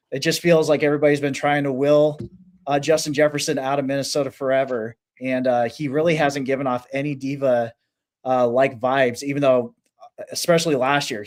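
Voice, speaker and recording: A man guesting on a sports podcast, talking casually and thinking out loud with many fillers. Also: medium pitch.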